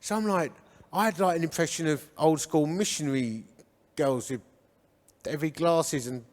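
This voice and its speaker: In an echoey church hall, a man from Hornchurch, England, appears as a guest speaker, humorously narrating his life and voicing the dialogue. His pitch is fairly high and his speed is normal.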